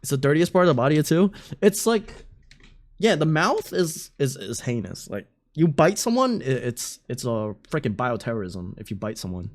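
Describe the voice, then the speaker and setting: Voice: mid-range voice, big pitch swings, normal speed. A streamer giving loose, casual live reaction commentary, often laughing and swearing.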